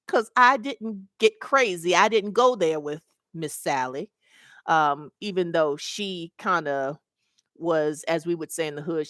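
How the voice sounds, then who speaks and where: A woman's voice: lowish voice, a bit bright, no room sound, studio quality. A middle-aged woman and mobile notary mentor, telling a story casually to her webcam and acting out the voices of the people in it.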